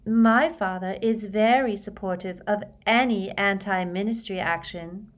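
A woman's voice: mid-range voice, a little slow, voice pushed up, natural voice. A woman voicing a dreamy, eccentric teenage girl who states strange claims earnestly in a storybook reading. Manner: earnest, matter-of-fact about odd ideas.

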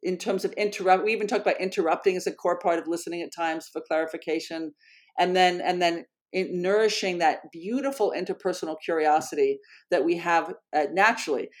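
A woman educator speaking in an interview, earnest and animated, often correcting herself mid-sentence. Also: fairly low pitch, fairly quick. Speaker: educator and program founder. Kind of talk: conversational interview storytelling.

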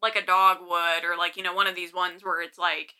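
A woman's voice: on the low side, flat delivery, brisk, bright, forceful tone, clear, resonant tone. A woman co-hosting a casual podcast chat, talking loosely with lots of "like" and asking her co-host questions. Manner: chatty, full of "like", asks questions.

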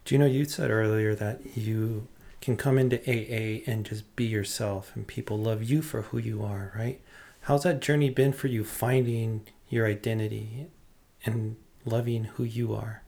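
Gravelly man asking gentle questions. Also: fairly low pitch, steady tone, normal speed. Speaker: interviewer. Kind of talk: casual conversational interview.

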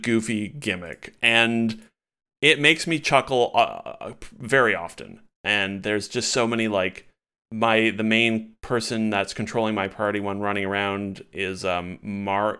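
A man's voice: on the low side, measured pace, pushed and bright, clean tone. A man co-hosting a casual podcast chat, talking loosely and animatedly with many fillers and restarts. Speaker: podcast co-host.

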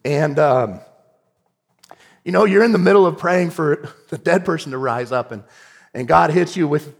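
A male pastor preaching a storytelling sermon in a church. His gravelly, somewhat high voice swings from hushed narration to shouts, and the sound rings in a long hall reverb. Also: normal speed, pauses often.

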